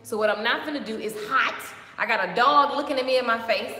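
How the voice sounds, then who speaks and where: A woman giving a lively, chatty motivational talk on a live stream, greeting viewers by name. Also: a little high, quick pace. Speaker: motivational vlogger. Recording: echoey with long reverb.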